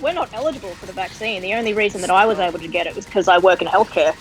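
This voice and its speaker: A woman's voice: mid-range voice, rapid-fire, poor audio. A woman with an Australian accent, calling in to a stream for a casual chat. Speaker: guest caller.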